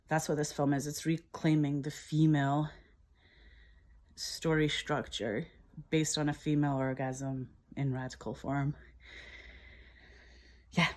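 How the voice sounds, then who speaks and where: Woman screenwriter, low voice, pitching her film scene by scene: enthusiastic, emotional, self-mocking laughs. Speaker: filmmaker describing her screenplay. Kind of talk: animated scene-by-scene retelling.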